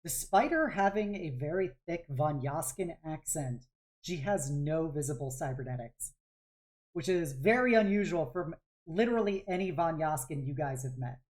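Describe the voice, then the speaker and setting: A woman's voice: low voice, animated, normal speed, a little mellow. A woman game master narrating a tabletop game, describing scenes in a rambling way full of fillers.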